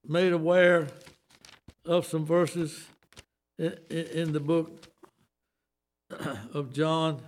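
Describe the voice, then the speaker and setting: An older Southern preacher delivers his sermon in an unhurried, deliberate way, with a slightly raised voice. He is folksy and emphatic, leaning on homespun asides between points. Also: a little high.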